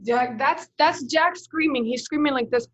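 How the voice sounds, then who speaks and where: A woman's voice: high-pitched, moderate pace, poor audio. A woman teaching kindergarten in a live online lesson, patiently sounding out words letter by letter as she models writing a sentence.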